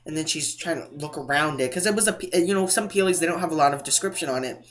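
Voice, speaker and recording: Bright-voiced rambling storytime man. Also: a little high, fast talker. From New England. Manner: rambling, self-interrupting, mimics other people. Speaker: couponing vlogger. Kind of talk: casual storytime.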